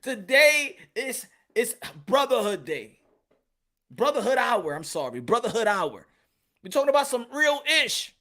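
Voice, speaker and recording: A man's voice: sits high, big pitch swings, moderate pace, a bit bright. A male podcast host ranting in a casual, emphatic way, repeating his points and slipping into Spanish phrases. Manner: emphatic and repetitive, slips into Spanish. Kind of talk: casual rant.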